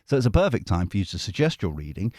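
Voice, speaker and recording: A man's voice: on the low side, very animated, fast talker, a little mellow, no room sound, clean studio sound. A man hosting a tarot channel, chatting casually to his viewers in a rambling, self-deprecating, jokey way. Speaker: tarot reader and channel host. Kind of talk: casual rambling chat to camera.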